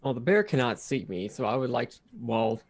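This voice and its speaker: A man's voice: mid-range voice, very animated, brisk. A man playing in a tabletop game, talking in a hesitant way full of fillers. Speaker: player.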